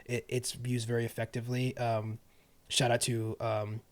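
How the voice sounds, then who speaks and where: A young man co-hosting a casual film and TV podcast, animated and quick to laugh, with frequent restarts. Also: mid-range voice. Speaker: podcast co-host. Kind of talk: casual chat.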